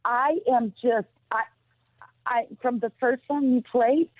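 A woman's voice: fairly high pitch, fairly even intonation, no echo. Emotional woman on a tinny phone line. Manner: emotional, halting, repeats herself. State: close to tears. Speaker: guest on a radio show. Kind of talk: interview answers by phone.

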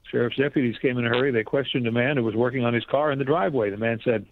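A male correspondent giving a news report down the line, relaxed and rambling with fillers. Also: medium pitch, racing, few pauses, no echo. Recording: tinny phone line.

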